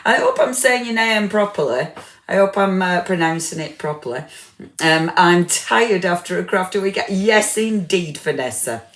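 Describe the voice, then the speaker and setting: A woman with a fairly low voice chats on a craft live stream, greeting viewers one by one with plenty of fillers. She sounds tired, and the room around her is echoey. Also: lively intonation, moderate pace. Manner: chatty, warm greetings, many fillers, self-deprecating. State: tired, full after dinner. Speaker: livestream craft host.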